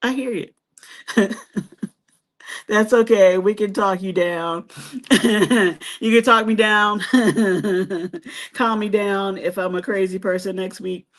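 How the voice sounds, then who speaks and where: A woman's voice: medium pitch, fairly even intonation, takes it slowly, pauses often. A woman hosting a live stream who chats casually with viewers and reads their comments. She is chatty, laughs often and teases herself. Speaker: host of a cruise travel channel.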